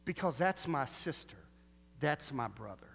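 A pastor preaches in a lively, conversational way, tossing rhetorical questions at the congregation. His fairly high voice leaps up and down, one moment booming and the next dropping to a hush. The sound carries the long reverb of a large hall. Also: measured pace, creaky. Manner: animated, swings from loud to hushed, rhetorical questions. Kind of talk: sermon.

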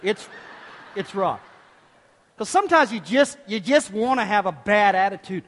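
A man with a high voice delivers a sermon from the pulpit. His delivery swings between forceful outbursts and soft, hushed asides. The church around him carries a long, ringing reverb. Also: normal speed. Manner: animated preaching, swinging from loud bursts to hushed tones. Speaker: pastor.

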